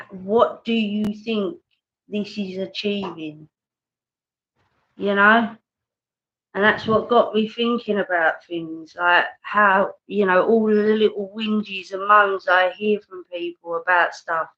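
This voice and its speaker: A woman's voice: mid-range voice, steady tone, takes it slowly, pushed and bright. A woman hosting a livestream, ranting bluntly and chatting to viewers, sometimes dropping into mutters. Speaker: livestream host. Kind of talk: ranting live stream. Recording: dull lo-fi sound.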